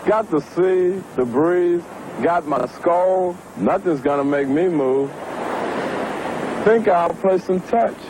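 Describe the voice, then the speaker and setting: A man speaking as a relaxed pitchman in a vintage TV commercial. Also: slow. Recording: old commercial with surf and wind noise.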